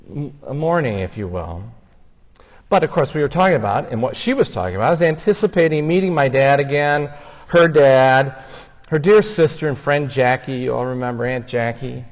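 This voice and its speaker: A man giving a funeral homily, speaking in a gentle, heartfelt storytelling way. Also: a little high, normal speed. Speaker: homilist and son of the deceased. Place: church. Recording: long church reverb.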